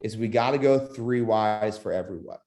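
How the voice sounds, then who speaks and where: A man's voice: on the low side, moderate pace. A man coaching a webinar on sales calls, modeling tone of voice and quizzing his audience. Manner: lively, demonstrates vocal tonality, asks audience questions. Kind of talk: webinar instruction with demo calls.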